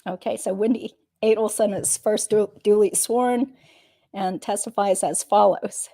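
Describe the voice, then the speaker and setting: A woman host who is a lawyer, reading legal text aloud in a plain, matter-of-fact manner. Her tone is mellow and warm. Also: mid-range voice, fairly even intonation, a little slow.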